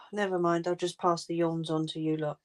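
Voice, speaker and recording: A woman hosts a crafting livestream from home in a slightly low voice. She chats casually and informally with viewers and laughs often. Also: level tone, normal speed.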